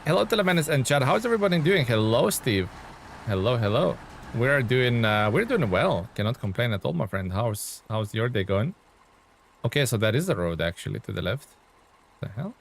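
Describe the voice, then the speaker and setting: A man's voice: mid-range voice, very animated, normal speed, vocal fry, a little hiss or hum. A man streaming a truck game live, chatting casually with his viewers as he plays. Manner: chatty, greets and thanks chat while playing. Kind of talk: live gameplay commentary.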